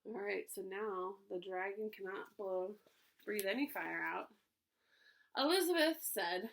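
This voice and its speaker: A woman, a preschool teacher, reading a storybook aloud to children in an animated way, pausing to ask them questions. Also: mid-range voice, creaky, low-quality recording. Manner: animated, asks listeners questions.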